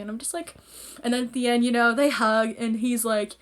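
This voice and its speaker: A woman with a slightly high voice gushes and rambles through an anime reaction in casual vlog chat. She talks into a phone at home, getting carried away with enthusiasm. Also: steady tone, a little fast.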